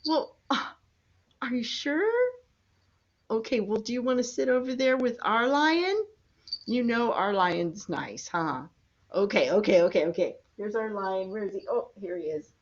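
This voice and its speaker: A woman's voice: mid-range voice, lively intonation, measured pace, dull audio, slight background noise. An older woman, a grandmother, reading a picture book to small grandchildren in a coaxing, sing-song way. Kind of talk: children's storybook reading.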